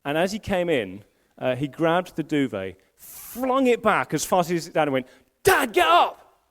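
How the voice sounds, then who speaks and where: A middle-aged pastor preaches a live sermon in an animated, storytelling way. His voice sits high for a man and leaps around in pitch. He restarts phrases often and jokes at his own expense. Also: normal speed. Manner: animated storytelling, self-deprecating humor, frequent restarts. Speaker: senior pastor. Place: church service in a school hall.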